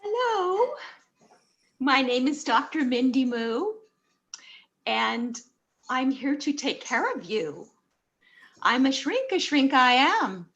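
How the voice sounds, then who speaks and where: A woman's voice: sits high, sing-song, takes it slowly, long pauses, fairly bright tone, lo-fi sound, full character voice. A woman playing a rhyming storybook-style therapist in an improv scene over a video call, with a sing-song delivery.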